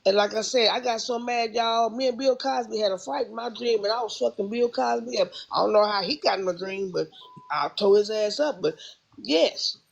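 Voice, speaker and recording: A woman's voice: a little high, normal speed, creaky, lo-fi sound. A woman venting heatedly on her livestream, repeating herself as she rants. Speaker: livestream host. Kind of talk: casual livestream rant.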